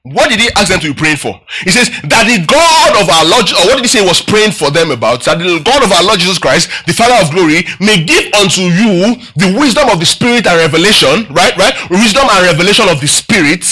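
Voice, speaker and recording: A man's voice: high-pitched, sing-song, fairly quick, hardly any pauses, pushed and bright, husky. A man preaching a Bible-teaching sermon, putting questions to his listeners and repeating phrases for emphasis.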